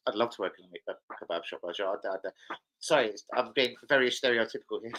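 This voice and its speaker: A man's voice: on the low side, quick pace, a bit bright, rough recording. A young man hosting a football livestream, rambling through sweary anecdotes in casual chat. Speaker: football channel host.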